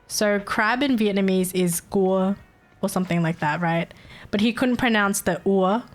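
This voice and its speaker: An Australian woman chatting casually on a livestream, talking slowly at a middle pitch. She giggles often and swears freely. Faint music plays behind her. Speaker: streamer.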